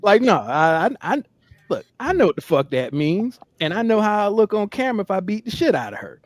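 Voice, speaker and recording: A man's voice: sits high, a little fast, no room sound, faint music behind. A man hosting a live-streamed podcast, telling a story in a casual, profane way and acting out the quotes. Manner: animated, profane, acts out quotes. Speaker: podcast host. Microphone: studio mic on a live stream.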